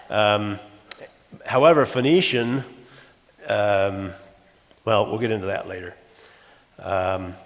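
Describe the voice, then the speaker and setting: An older man from Los Angeles delivers an academic lecture at an ordinary middle pitch. He walks through examples and often stops to correct himself. His voice carries the long reverb of a conference hall. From Los Angeles, USA. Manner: explanatory, works through examples, frequent self-corrections.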